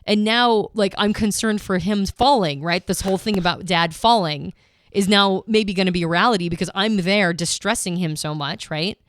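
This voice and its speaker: A woman co-hosts a podcast, casually retelling a personal story with emotion, lots of restarts and asides. Her medium-pitched voice moves at a normal speed with a fairly bright tone, captured in clean studio sound with no room ambience.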